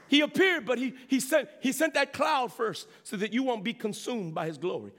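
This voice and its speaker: A man preaching a sermon, animated, with rhetorical questions and repeated phrases. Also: very high-pitched, normal speed, hardly any pauses. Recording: long reverb of a large hall.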